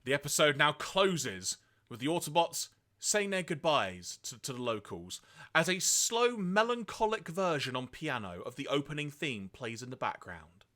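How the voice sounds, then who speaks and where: A man co-hosting a podcast, retelling episodes in a lively way and acting out quoted lines. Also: moderate pace. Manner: lively storytelling, acts out quoted lines in high voices. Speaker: podcast co-host. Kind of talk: casual podcast recap.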